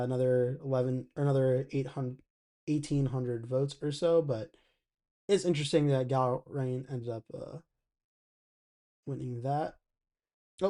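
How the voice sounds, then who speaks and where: Mellow-voiced man hosting a live stream. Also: medium pitch. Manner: chatty, thinks aloud, reads chat comments. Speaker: election night live stream host. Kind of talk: casual live stream commentary.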